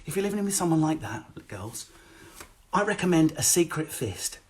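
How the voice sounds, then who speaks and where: Brash male stand-up, quick and sweary, animated storyteller, streaming from home on a webcam. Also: fairly high pitch. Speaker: stand-up comedian. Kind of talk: live-streamed stand-up set. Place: home, indoors. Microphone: phone or webcam.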